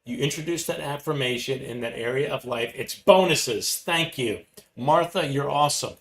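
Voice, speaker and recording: A man coaching an online masterclass, energetic and emphatic, repeating his key phrases. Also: medium pitch, moderate pace. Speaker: motivational coach. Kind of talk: live online masterclass teaching. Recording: roomy echoey room with faint ambience.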